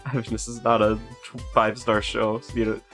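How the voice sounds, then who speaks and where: A man's voice: on the low side, little pitch movement, moderate pace, a bit bright. A male streamer giving rambling, self-deprecating commentary while playing a story game, over faint game music. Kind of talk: casual let's-play commentary.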